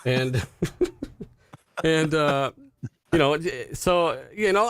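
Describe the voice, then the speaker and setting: A man's voice: on the high side, very slow, long pauses, fairly bright tone, clean tone, no room sound. A man co-hosting a casual gaming podcast, joking around, laughing and swearing loosely. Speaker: podcast co-host.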